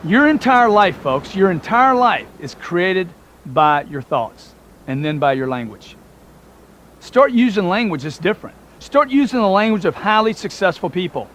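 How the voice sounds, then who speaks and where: A man with a bright, high-set voice delivers a motivational talk in a punchy, emphatic way, hammering his points through repetition. A faint hiss sits under the recording. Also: big pitch swings, moderate pace. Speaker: motivational speaker.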